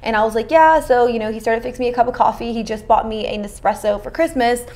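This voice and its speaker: A woman's voice: fairly high pitch, fast, darkish tone. A young woman beauty vlogger chatting casually while doing her makeup, talking informally with lots of fillers and slang.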